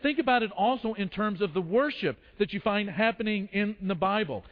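A man's voice: high voice, expressive, a little fast. A man preaching a sermon, telling the story with acted quotes and frequent restarts. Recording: dull lo-fi sound in a long-reverb hall.

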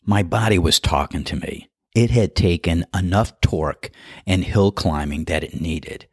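A man's voice: low voice, a little slow, a little mellow, husky, no room sound, studio quality. A man hosting a podcast, telling a casual story in a wry, self-deprecating, conversational way. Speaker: podcast host and golf starter.

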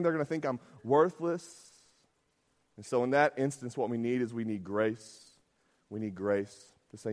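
A man preaching a sermon as pastor, talking conversationally, often asking "right?" and acting out quotes. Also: medium pitch.

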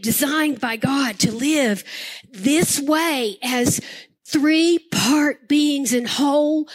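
High-voiced older woman preaching slowly. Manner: impassioned preaching with emphatic repetition. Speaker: pastor. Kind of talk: sermon.

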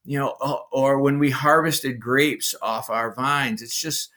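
A chef from Massachusetts talks in a casual interview with a clear Massachusetts accent. His voice is bright and forward, his pitch sits in the middle, and his stories come out with eager, animated energy. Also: measured pace. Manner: animated, enthusiastic storytelling. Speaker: executive chef, guest.

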